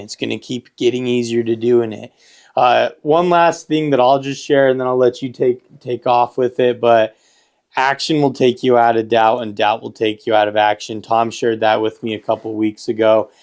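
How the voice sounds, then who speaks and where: A man's voice: mid-range voice, fairly even intonation, moderate pace. A man co-hosting a self-help podcast, talking earnestly and repeating phrases for emphasis. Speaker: podcast co-host. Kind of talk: casual motivational chat.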